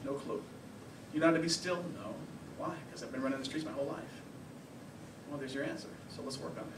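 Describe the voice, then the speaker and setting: A man counseling and lecturing at a workshop, lively and full of rhetorical questions. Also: on the high side, fast, pauses often, reverberant, far from the mic, noisy background. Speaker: anger management counselor.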